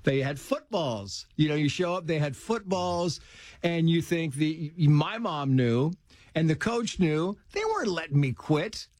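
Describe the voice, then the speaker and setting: Lively middle-aged male storyteller, dry sound. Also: a little high, unhurried, dry recording. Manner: animated storyteller who acts out quotes in a raised voice. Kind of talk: casual conversation, storytelling.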